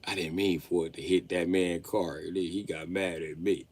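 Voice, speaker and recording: A man in his late thirties tells crude, funny stories on a livestream, laughing partway through them. His voice is low and his pace moderate, and the delivery is an animated, profane comedic rant.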